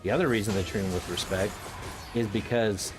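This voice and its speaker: Young man, casual chat, rambling, excitable, laughing a lot, music in the background. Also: on the low side, a little fast. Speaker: streamer.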